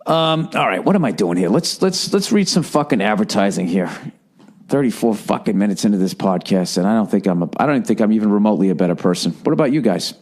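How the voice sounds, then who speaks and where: A man's voice: lowish voice, expressive, fast, a little mellow. A man hosting a podcast alone, ranting in a rambling, sardonic way and swearing often. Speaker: podcast host. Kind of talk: solo podcast rant.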